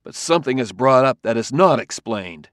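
A man playing a suspicious male police detective who talks in a forceful, intense, accusing way. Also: mid-range voice, moderate pace, no echo, clean studio sound, natural voice. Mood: heated.

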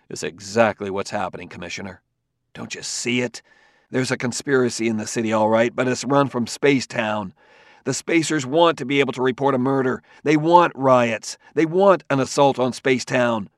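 A man playing a suspicious male police detective who talks in a forceful, intense, accusing way. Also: mid-range voice, no echo, clean studio sound, natural voice.

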